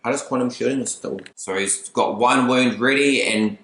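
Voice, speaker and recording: A man's voice: medium pitch, brisk, a bit bright, roomy sound. A man casually commentating a tabletop wargame battle, chatty with playful asides. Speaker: battle report host.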